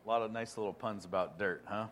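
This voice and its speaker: A man preaching a sermon, reading scripture aloud in a conversational way that swings from quiet asides to loud emphasis. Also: lowish voice, quick pace, slight background noise. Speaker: pastor.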